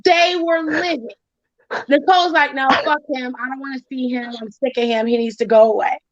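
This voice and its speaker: A high-voiced woman hosts a casual podcast chat and tells a story with lots of acted-out quotes and swearing. The sound is dry and a bit dull, like a lo-fi home setup. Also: moderate pace, no room sound. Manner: animated storytelling, acts out quotes, swears freely. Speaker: podcast host.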